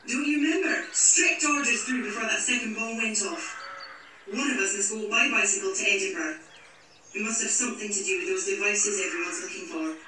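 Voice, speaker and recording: A man's voice: high-pitched, brisk, sharp tone. A man playing a nervous young man who rambles through excuses to the police. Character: young man claiming he was kidnapped. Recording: distant echoey room with noise.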